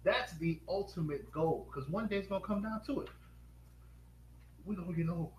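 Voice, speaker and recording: Male live-stream host, upbeat, fires quick questions at viewers; slightly high voice, roomy echo. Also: darkish tone. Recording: echoey room with faint noise.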